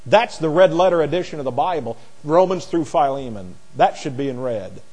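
Animated preacher man, lively pitch. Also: moderate pace, slightly rough. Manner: animated, swings from soft and low to loud and emphatic; teaching Bible word by word, with restarts. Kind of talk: sermon.

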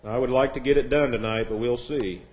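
A man teaching an evening Bible class, leading prayer in a formal, measured way. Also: medium pitch, steady tone, darkish tone, rough recording. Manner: formal, measured, slips into mild joke voices.

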